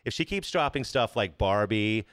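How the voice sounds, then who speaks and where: Excited swearing man chatting about movies. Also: lowish voice, moderate pace, dry recording, studio quality. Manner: enthusiastic, chatty, swears casually. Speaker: podcast co-host. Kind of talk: casual film discussion.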